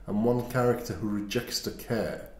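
A man's voice: lowish voice, normal speed, reverberant. A man co-hosting a podcast, chatting casually in a playful, rambling, thoughtful way. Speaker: podcast co-host. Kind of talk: casual chat.

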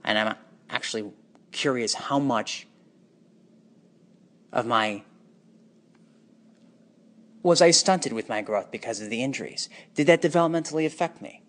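A man speaking a raw, emotional personal monologue, anguished and bitter, moving between hushed and intense delivery. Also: mid-range voice, animated, unhurried, long pauses.

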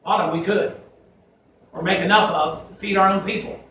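A man's voice: high-pitched, fairly even intonation, a little fast, background noise. A man preaching a fiery sermon to his congregation, folksy and emphatic, quoting scripture in a church sanctuary. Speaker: pastor. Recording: echoey church from a distance.

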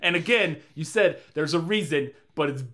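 Bright-voiced man riffing on a bad movie. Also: a little high, normal speed. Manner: animated, rambling, swears, laughs often. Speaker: podcast co-host. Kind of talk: casual movie review chat.

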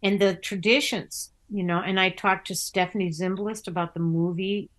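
Here an older woman, known for theatre acting and writing, talks at a moderate pace in a medium-pitched, steady, slightly bright voice. The interview is casual, and she tells stories chattily, restarting frequently and voicing other characters.

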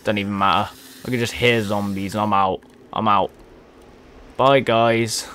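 A man's voice: fairly low pitch, fairly even intonation, unhurried, a bit bright, slight background noise. A young man giving let's-play commentary to his viewers, frustrated and swearing often. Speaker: gaming video creator.

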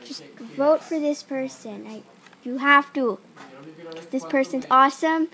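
Excitable high-voiced young woman vlogging. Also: unhurried. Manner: excitable, rambling, many "like" fillers. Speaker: YouTuber. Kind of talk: casual screen-recorded vlog.

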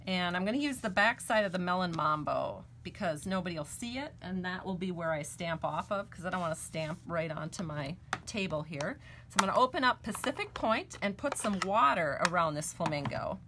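A woman's voice: on the low side, expressive, brisk, noisy background. A woman hosting a live stamping and card-making demonstration at her crafting table. She talks in a chatty way and gushes over her work.

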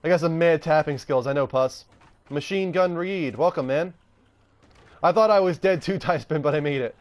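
A man's voice: a little high, fairly quick. Chatty man streaming a game. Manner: chatty, wry, laughing asides to chat. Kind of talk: live gameplay commentary.

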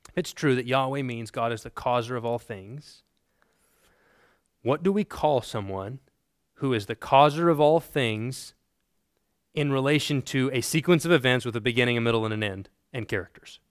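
A man's voice: mid-range voice, normal speed, smooth, dry recording, clean studio sound. A man teaching a classroom theology lesson in a conversational, emphatic way, checking in with his students.

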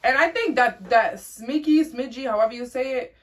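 A woman's voice: on the high side, moderate pace. A young woman from Rhode Island hosting a music reaction chat, slangy and rambling with frequent restarts. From Rhode Island, USA. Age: young adult. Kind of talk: casual chat.

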